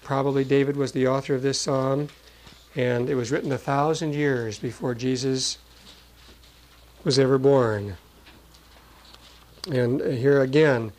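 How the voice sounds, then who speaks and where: A man's voice: mid-range voice, a little mellow, low-quality recording. A man preaching a sermon, explaining Bible passages earnestly and reading verses aloud with emphasis, with some fillers and restarts.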